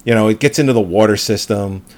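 A man's voice: fairly low pitch, fast talker, darkish tone. A man co-hosting a podcast in casual movie chat, rambling through gory jokes and laughing at his own riffs. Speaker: podcast co-host.

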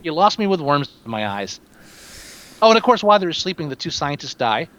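A man chatting casually about a film, sarcastic, animated and quick to swear. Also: a little high. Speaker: podcast co-host reviewing a film. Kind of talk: casual profane movie chat.

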